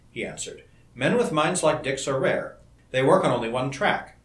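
A man reading a novel aloud in a measured, expressive storytelling manner. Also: mid-range voice. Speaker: audiobook narrator. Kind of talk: scripted narration. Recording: roomy echo.

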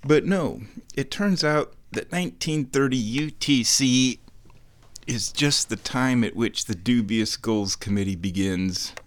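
A man's voice: mid-range voice, unhurried, no room sound. A man hosting his own show from home, chatting in a laid-back, rambling way. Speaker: streamer hosting a recurring show. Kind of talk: casual rambling chat. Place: indoors at home.

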